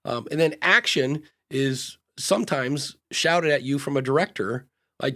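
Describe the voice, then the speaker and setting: This man, medium in pitch and a bit bright, chats as co-host of a live advice podcast. He's blunt and loose, dropping ums and restarting sentences, and frequently acts out short exchanges with the people he coaches using shifting voices.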